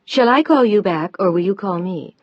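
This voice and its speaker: A woman voicing an eager, curious female TV reporter in an audiobook, brisk and persuasive. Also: mid-range voice, expressive, no room sound, close to an everyday voice. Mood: earnest. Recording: dull dry audiobook recording.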